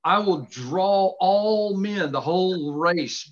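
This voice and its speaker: A middle-aged man with a slightly high voice talks over a video call from his study, expounding scripture in an earnest, unhurried way. He leans hard on the words he wants to stress, and the audio is dull and lo-fi. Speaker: host. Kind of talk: casual faith conversation, teaching. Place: home study with books behind him. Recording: dull lo-fi sound.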